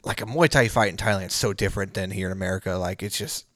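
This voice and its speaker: A man's voice: deep voice, fast talker, a bit bright, no room sound. Laid-back man, dry close sound. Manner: laid-back, rambling, many fillers. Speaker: podcast guest, Muay Thai fighter and promoter. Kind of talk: casual chat.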